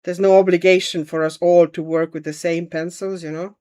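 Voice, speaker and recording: A woman's voice: on the low side, little pitch movement, a little fast, mellow. A woman hosting a casual livestream, chatting and thinking aloud as she paints and answers viewer comments. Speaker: livestream host.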